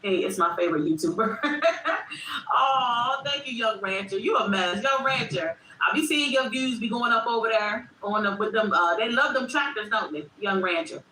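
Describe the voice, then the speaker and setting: A woman with a higher, pushed, bright voice hosts a casual livestream at normal speed. She speaks directly to her chat, reflective and repetitive. Her echoey room has a faint background noise.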